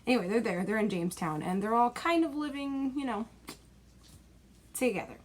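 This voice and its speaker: A woman's voice: a little high, moderate pace. A young woman in a rambling, exasperated movie-review rant, packed with fillers and dismissive asides, recorded at home.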